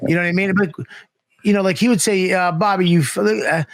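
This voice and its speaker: A man's voice: high-pitched, fast, slight background noise. A man telling a casual, profane story, acting out the people he quotes. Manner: profane, animated, acts out quotes. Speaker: guest comedian.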